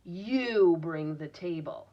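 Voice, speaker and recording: A woman voicing a bossy, sassy grown female pig from a storybook, giving loud, slow, emphatic commands, on a dull lo-fi recording. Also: fairly low pitch, heavily acted.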